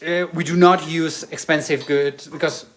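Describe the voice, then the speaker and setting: Man, native Spanish speaker, lingering cough, halting English, faint kitchen sizzle behind. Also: a little high, steady tone, a bit bright, slight background noise. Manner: halting, searching for English words. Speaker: cooking video co-host. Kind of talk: casual cooking chat. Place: home kitchen.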